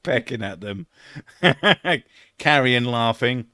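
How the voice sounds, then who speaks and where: Middle-aged British man, bright forceful voice, dry close mic, crude rambling stream chat. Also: medium pitch, lively intonation, no echo. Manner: rambling, crude and swearing, quick to laugh. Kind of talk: casual live-stream chat.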